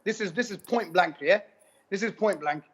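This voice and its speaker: A man giving an animated testimonial, retelling conversations in a rapid, repetitive way. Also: sits high, slightly rough. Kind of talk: animated personal storytelling. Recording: dull lo-fi recording.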